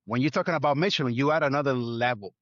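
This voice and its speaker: Earnest chef talking in lists. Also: male voice, medium pitch, racing, no echo, dull audio. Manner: earnest, builds points in lists. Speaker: chef guest. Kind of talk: reflective interview talk.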